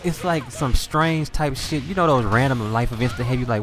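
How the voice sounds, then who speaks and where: A man's voice: medium pitch, a little fast, a bit bright, soft background music. A man from Louisiana with a Southern US accent, telling stories in a laid-back, profane way. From Louisiana, Southern United States. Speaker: gaming video host. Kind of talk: casual storytelling over gameplay.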